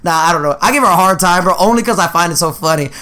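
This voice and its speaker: A young podcast co-host with a bright voice tells stories at a very fast clip, his pitch sitting high. He laughs a lot and animates his casual tales by doing the voices of the people he quotes.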